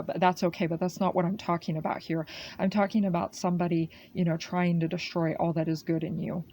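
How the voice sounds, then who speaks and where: Low, mellow woman doing an oracle reading. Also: slight background noise. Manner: repetitive and earnest, with frequent "okay" tags and "beautiful soul" address. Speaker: oracle card reader. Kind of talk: spiritual channeled reading.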